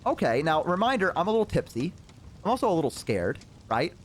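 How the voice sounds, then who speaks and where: A man streamer spins a casual story, rambling along with lots of fillers and the odd curse word. His voice sits a bit high for a man and swings widely in pitch as he talks. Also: big pitch swings, quick pace, a little hiss or hum.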